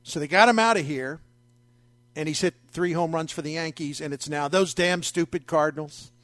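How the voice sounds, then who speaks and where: A man hosting a sports talk radio show, talking in a wry, conversational, animated way into a studio mic. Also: fairly high pitch, brisk, dry recording. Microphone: studio microphone.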